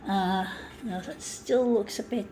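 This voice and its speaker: A middle-aged woman chats while running a photocopier, its mechanical clatter in the background of this low-quality recording. Her mid-range voice is unhurried and mellow, though her vlog talk is blunt and ranty with plenty of swearing.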